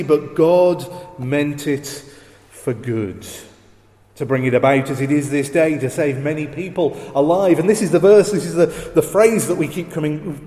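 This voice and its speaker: A man preaching a sermon, slow and emphatic, leaning on repeated phrases. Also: a little high, darkish tone. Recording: roomy hall echo.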